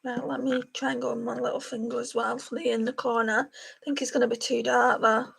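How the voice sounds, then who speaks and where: A woman, her voice sitting a little high. She chats casually and warmly to her viewers by name while applying eyeshadow on a live stream. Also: flat delivery, brisk, gravelly, slightly rough. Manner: chatty, talks to viewers by name. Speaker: beauty livestream host. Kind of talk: casual makeup livestream chat.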